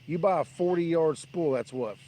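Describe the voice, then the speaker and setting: At night on a riverbank, a man hosts a fishing livestream, rambling through blunt stories in a dismissive tone. His voice is a little high and dark, at a normal speed, with a slight hiss or hum in the background. It's a casual live-stream rant.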